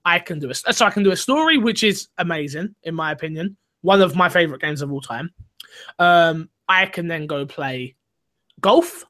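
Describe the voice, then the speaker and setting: A man's voice: a little high, animated, moderate pace, bright, forceful tone. A young man hosting a gaming podcast, chatty and rambling in a casual way. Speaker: podcast host.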